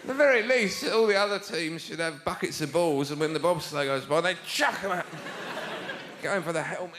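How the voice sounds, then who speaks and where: A man doing a sardonic stand-up routine on stage, mocking his subject and breaking into shouted mimicry. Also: fairly high pitch, brisk. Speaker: stand-up comedian. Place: theatre stage before a live audience. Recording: live show with loud audience noise.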